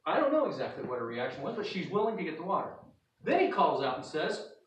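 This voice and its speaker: Folksy preacher in a roomy hall. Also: male voice, fairly high pitch, big pitch swings, quick pace, far from the mic, slight background noise. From North Idaho. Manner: folksy storytelling, acting out scenes. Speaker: pastor. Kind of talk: sermon. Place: church sanctuary.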